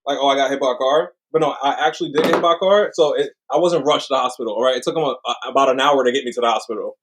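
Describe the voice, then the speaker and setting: A man's voice: medium pitch, racing, noisy background. A young man co-hosting a casual livestream chat, rambling and apologetic, laughing often. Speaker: livestream co-host.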